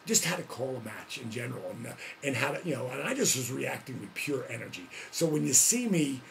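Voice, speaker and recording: Gravelly, animated male storyteller. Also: mid-range voice, fairly quick, a little hiss or hum. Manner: animated, laughing often, lots of slang. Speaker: vlog host, former wrestler. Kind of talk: casual storytelling.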